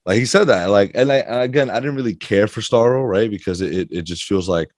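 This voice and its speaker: A man's voice: on the low side, quick pace, a little mellow, no echo, studio quality. A man co-hosting a podcast, speaking in a thoughtful way with hesitant restarts. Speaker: podcast co-host. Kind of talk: casual chat.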